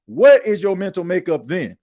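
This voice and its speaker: A man hosts a sports talk podcast. He rants in an emphatic, colloquial way, and his voice sits a little high for a man. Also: sing-song, normal speed, mellow. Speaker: podcast host. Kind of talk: animated sports talk monologue.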